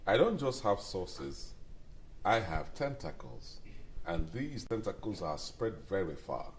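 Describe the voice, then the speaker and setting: A deep, self-assured suspicious husband. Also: male voice, sing-song, a little hiss or hum, heavily acted. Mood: insistent. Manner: slow, self-assured, insistent. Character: suspicious middle-aged husband spying on wife. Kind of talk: Nollywood film acting.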